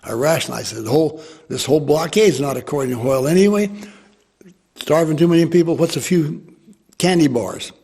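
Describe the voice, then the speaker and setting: An older American man telling a war memory to an interviewer, lively and acting out the people he quotes. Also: a little high, brisk, gravelly, slightly rough. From United States. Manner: animated storyteller who voices quoted people. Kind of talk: storytelling.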